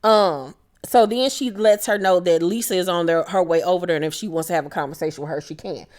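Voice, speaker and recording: A woman's voice: on the low side, brisk, darkish tone. A woman doing a casual, profane reality TV recap, blunt and sassy, who laughs and mimics the cast.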